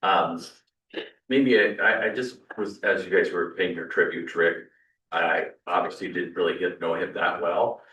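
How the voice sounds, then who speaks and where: A school principal, a man with a very deep voice, addresses the meeting in a friendly, earnest tone. He sounds far from the microphone, in a reverberant room. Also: steady tone, moderate pace, bright, forceful tone. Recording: roomy sound from a distant mic.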